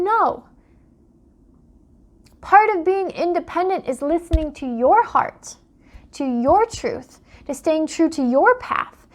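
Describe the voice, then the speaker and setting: A young adult woman, a life coach, talking straight to her viewers in an impassioned vlog monologue full of rhetorical questions. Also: extremely high pitch. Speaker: life coach and dream interpreter. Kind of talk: direct-to-camera vlog monologue.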